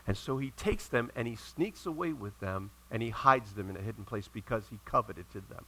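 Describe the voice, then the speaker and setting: A middle-aged male pastor preaching a sermon, retelling stories in a lively way and acting out the characters' lines. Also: on the low side, moderate pace, hardly any pauses, rough recording. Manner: animated storytelling with acted-out quotes.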